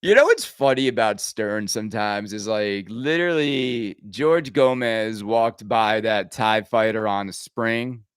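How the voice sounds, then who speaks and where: A man hosting a podcast, ranting casually with sarcasm and quick asides. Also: fairly low pitch, smooth, no echo, clean studio sound. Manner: animated, sarcastic, riffing with laughs and mock impressions. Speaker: podcast host.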